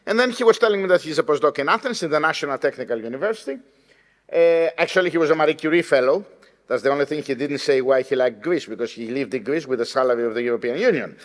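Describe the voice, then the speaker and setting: A man giving a speech of thanks for a colleague, jovial and teasing, with hesitant pauses. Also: fairly high pitch, lively intonation. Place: lecture hall. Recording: long hall reverb.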